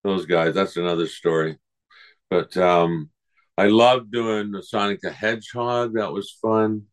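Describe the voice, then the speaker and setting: A man's voice: lowish voice, steady tone, measured pace, clear, resonant tone. An older man, a guest voice actor, telling rambling anecdotes in a casual interview and acting out the people he quotes.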